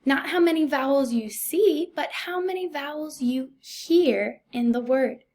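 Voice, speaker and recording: This recorded first grade phonics lesson is taught by a woman whose voice sits high with a darkish tone. Her delivery is slow, deliberate, and encouraging, like a supportive teacher.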